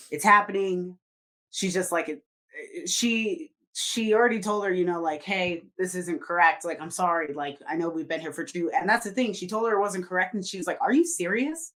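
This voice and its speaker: A woman's voice: fairly low pitch, a bit bright. A woman co-hosting a podcast, telling a story in casual chat, rambling with lots of fillers and swearing freely. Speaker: podcast co-host.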